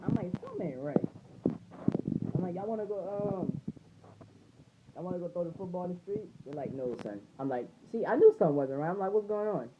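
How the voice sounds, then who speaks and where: A man's voice: sits high, animated, fairly quick, long pauses, dull audio, background noise. A young man vlogging a casual, rambling story, swearing freely and retelling it line by line. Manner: rambling, profane, retells with "I'm like".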